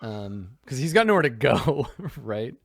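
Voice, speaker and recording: A man's voice: mid-range voice, sing-song, measured pace, vocal fry, fairly bright tone, dry recording, studio quality. A man running a tabletop game as game master, narrating the action casually with many fillers.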